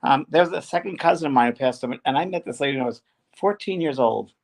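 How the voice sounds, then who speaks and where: Fast-talking man with a gravelly voice. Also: mid-range voice. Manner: earnest, rambling storytelling. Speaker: co-host. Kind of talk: casual spiritual talk show chat.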